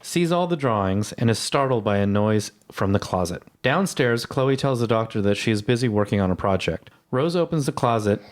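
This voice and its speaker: A man co-hosting a podcast, chatting casually and reading a plot recap, often hesitant and restarting his sentences. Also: mid-range voice. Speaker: podcast co-host.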